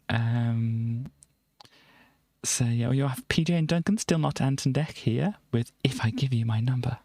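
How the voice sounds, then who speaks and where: A woman's voice: rumbling low, measured pace, dark tone, dry recording, clean studio sound. A woman hosting a livestream, chatting casually as she reads out old music charts, rambling and chuckling with many ums and self-corrections. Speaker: livestream host.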